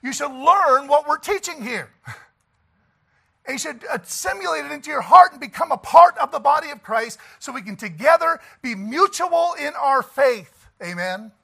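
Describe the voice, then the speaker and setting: A man's voice: very high-pitched, expressive, normal speed, vocal fry, pushed and bright. A man pastor preaching a sermon in an emphatic, folksy way, often laughing and asking the congregation "Amen?".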